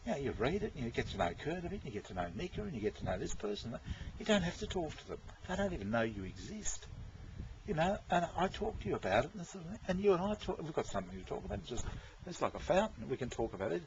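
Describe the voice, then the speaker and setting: A man's voice: a little high, big pitch swings, quick pace. A man in a casual, rambling monologue to his viewers, who repeats himself and swears. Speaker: vlogger talking to viewers. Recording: dull lo-fi with faint noise.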